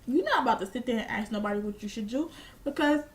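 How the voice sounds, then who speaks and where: A woman's voice: on the high side, lively intonation, fast. A young woman vlogger telling a casual storytime, blunt and profane, proudly petty and unbothered. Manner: boastfully petty.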